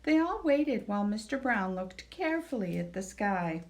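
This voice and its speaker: A woman librarian reading a picture book aloud to young children, gentle and expressive. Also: mid-range voice, moderate pace.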